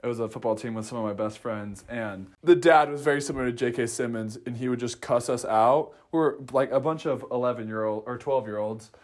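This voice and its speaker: A man's voice: medium pitch, a little fast, few pauses. A young man co-hosting a casual movie review chat, laughing often and mimicking characters. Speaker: podcast co-host.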